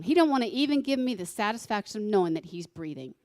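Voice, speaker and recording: A woman's voice: mid-range voice, expressive, fast talker, darkish tone. A woman giving a sermon alongside her husband, conversational and teasing as she explains scripture.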